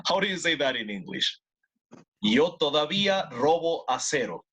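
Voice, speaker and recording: Speaking at a measured pace, a male teacher with a slightly high, sing-song, somewhat bright voice runs an online English lesson over a faint hiss or hum. Spanish is his native tongue; he encourages learners, mixes in Spanish, and repeats words for practice.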